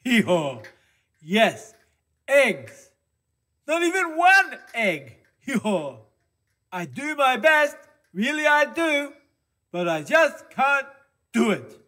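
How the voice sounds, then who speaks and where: A high, sing-song donkey puppet voiced by a man who keeps braying hee-haw between his words. He drawls slowly and swoops up and down, earnest and a bit mopey, the way a kids' church puppet talks. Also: huge pitch swings, bright, forceful tone, full character voice. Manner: punctuates speech with hee-haw brays. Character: glum male donkey puppet, earnest, brays. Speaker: kids' time puppet character.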